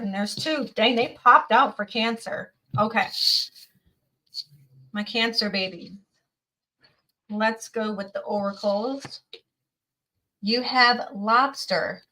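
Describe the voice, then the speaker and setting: A woman's voice: a little high, bright, forceful tone, poor audio. Chatty, folksy woman tarot reader. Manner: chatty, folksy, drawls and exclaims. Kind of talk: casual tarot reading livestream.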